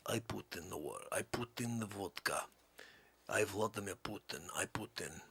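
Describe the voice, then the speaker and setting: A man doing a gruff Russian leader. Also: on the low side, bright, forceful tone, pitched below the performer's own voice, exaggerated voice. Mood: stubborn. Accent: put-on Russian. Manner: broken English, slow and stubborn. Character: gruff stubborn Russian man, a Putin impression.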